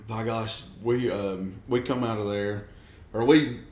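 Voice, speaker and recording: A man's voice: lowish voice, steady tone, slow pace, darkish tone. A man telling a rambling story in casual chat, full of fillers. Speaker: guest. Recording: echoey room with faint ambience.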